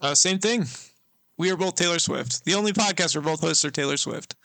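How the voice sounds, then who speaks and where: A man with a higher, gravelly and bright voice co-hosting a podcast, blunt and opinionated, with plenty of 'like's. The sound is dry and close to the mic. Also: brisk, no room sound. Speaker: podcast co-host. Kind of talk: casual chat recapping a reality show.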